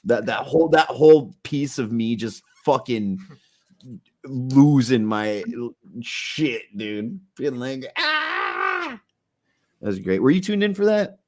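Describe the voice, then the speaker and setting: Loud cussing dude hosting a stream, voice all over the place, middle pitch. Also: male voice, expressive, unhurried. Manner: profane, loud, laughing, prone to shouting outbursts. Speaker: podcast host. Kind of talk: casual livestream chat.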